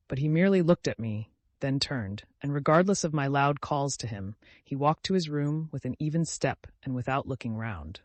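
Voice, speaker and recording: A man narrating a classic story in steady, scripted audiobook reading. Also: medium pitch, moderate pace, dry recording.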